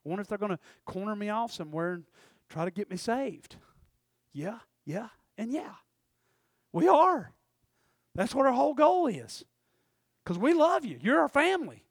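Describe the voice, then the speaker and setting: A man's voice: extremely high pitch, dry recording, clean studio sound. A man preaching a folksy, conversational sermon, often checking in with the congregation.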